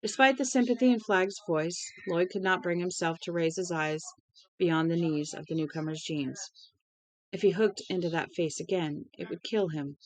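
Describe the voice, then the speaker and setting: A woman's voice: lowish voice, normal speed, dry recording, low-quality recording. A woman reading a novel aloud steadily, with small slips and restarts now and then. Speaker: audiobook reader.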